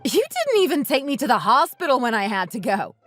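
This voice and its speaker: A woman plays a bitter wife in a texting-story drama. Her voice sits high and moves a lot as she lays out her grievances bluntly. Faint music runs underneath. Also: very animated, a little fast. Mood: accusing. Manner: accusing, resentful, blunt. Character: bitter wife divorcing her uncaring husband. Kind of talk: text-message story dramatization.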